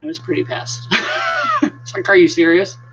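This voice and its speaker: A woman's voice: on the low side, big pitch swings, moderate pace, slight background noise. A woman hosting a casual live stream, chatting with viewers and greeting them by name. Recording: dull lo-fi sound.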